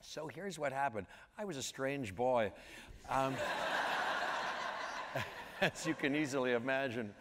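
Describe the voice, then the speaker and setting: A man in his sixties from Pittsburgh, an interview guest at a live onstage conversation in a large auditorium, tells meandering, halting stories and occasionally scats a tune. His voice is medium-pitched and expressive. The very noisy recording carries long hall reverb and audience sounds.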